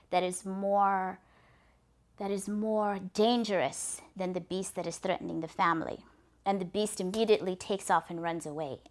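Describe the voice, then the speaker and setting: Brief: woman storyteller, earnest, lively telling, middle-pitched voice. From Africa. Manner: earnest, lively narration with restarts. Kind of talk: oral folktale telling.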